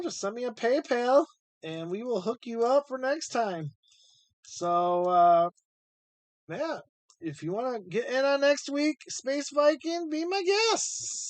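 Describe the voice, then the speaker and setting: Hunting coins on a live stream, a man rambles and thinks aloud as he sorts them, chatting in an unhurried drawl. His pitch swings up and down. The sound is completely dry, with no room around it.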